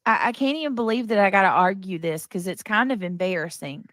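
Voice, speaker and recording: A woman's voice: mid-range voice, a little fast, fairly bright tone, dry recording. A woman hosting a casual live stream, defensive and exasperated, repeating herself and restarting sentences as she answers her chat.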